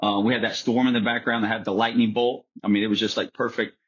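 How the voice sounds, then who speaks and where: A man's voice: lowish voice, flat delivery, quick pace, slightly rough. A man chatting as a podcast guest, telling stories in a rambling way with many restarts and fillers. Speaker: guest golfer. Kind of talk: casual storytelling chat. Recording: slightly muffled lo-fi recording.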